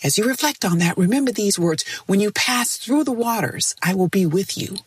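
A woman reading a scripted devotional in a slow, soothing, measured way. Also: medium pitch, lively intonation, breathy edge, recorded from a distance. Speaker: devotional segment narrator.

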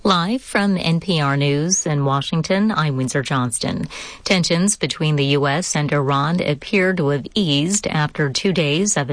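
A woman reading a national radio newscast in a steady, authoritative way. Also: sits low, no room sound.

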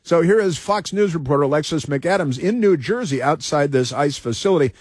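A man's voice: a little high, lively intonation, fairly quick, husky, dry recording, clean studio sound. A man hosting a talk radio show, reading off a list with sarcastic, combative asides and frequent fillers.

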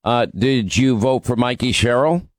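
A man's voice: medium pitch, unhurried, dry recording. A man hosting a call-in radio show, needling and arguing with a caller. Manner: combative, needling. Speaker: radio talk show host.

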